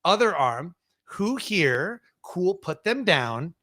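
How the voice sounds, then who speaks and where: A man's voice: high voice, big pitch swings, slow, pushed and bright, dry recording, clean studio sound. A man as an interview guest, telling stories energetically, acting out audience scenes and saying "like" a lot. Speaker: guest speaker. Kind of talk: casual interview storytelling.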